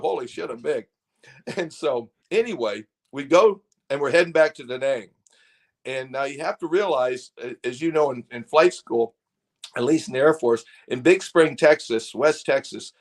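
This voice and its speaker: A man's voice: mid-range voice, moderate pace. An older man, a guest telling casual stories, rambling with frequent restarts and laughter. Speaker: guest, former fighter pilot. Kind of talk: casual storytelling.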